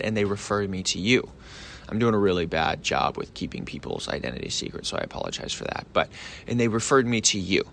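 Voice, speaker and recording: A young man hosting a solo sales podcast, talking casually and excitedly, often asking "right?" and acting out both sides of a phone call. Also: fairly low pitch, slight background noise.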